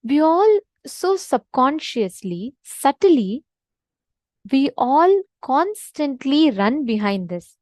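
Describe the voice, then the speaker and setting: A woman's voice: high voice, very animated, slow pace, a little mellow, no echo, rough recording. A woman leading a devotional teaching session, earnest and emphatic, often repeating her main points. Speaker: spiritual teacher.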